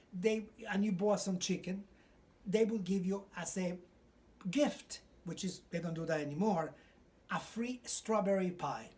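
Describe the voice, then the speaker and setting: Brief: older Cuban-accented male raconteur, animated, acts out voices. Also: high-pitched. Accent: Cuban Spanish. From Cuba. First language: Spanish. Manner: animated, acts out quotes and sings snatches. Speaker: retired stage singer. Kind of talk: reminiscing storytelling.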